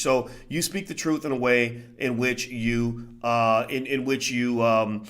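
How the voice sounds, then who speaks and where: A man's voice: medium pitch, measured pace. A man talking casually to a live chat in commentary, repeating phrases and using lots of fillers. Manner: grows more animated and louder as he goes. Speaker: livestream commentator.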